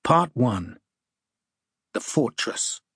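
Slow, husky male audiobook narrator. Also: medium pitch, very animated, fairly bright tone, dry recording, clean studio sound.

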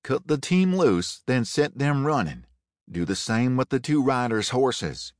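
A man's voice: mid-range voice, big pitch swings, unhurried, no echo, pitched above the performer's own voice. A man voicing a blunt Confederate colonel who barks orders at his raiders with a dry drawl. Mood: commanding.

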